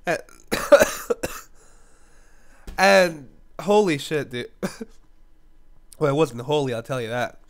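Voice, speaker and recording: Stuffy-nosed and coughing now and then, this YouTube gaming commentator has a smooth, clear, fairly high voice. He talks expressively and slowly, pausing often, telling a rambling story as he keeps breaking into giggles.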